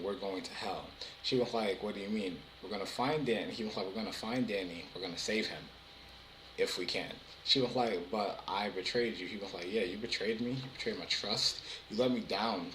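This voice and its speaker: A young man talks through a TV episode in a loose, rambling way, stumbling over restarts and fillers. His voice is bright and pushed forward, a little low. The sound bounces around an echoey room. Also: slight background noise. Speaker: TV episode reviewer. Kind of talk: casual episode recap.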